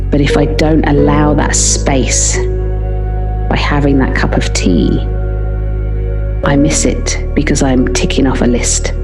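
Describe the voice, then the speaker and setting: A British woman who works as a midwife, telling a story in a podcast interview and acting out the dialogue she quotes. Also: extremely low pitch. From Britain. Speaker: midwife guest.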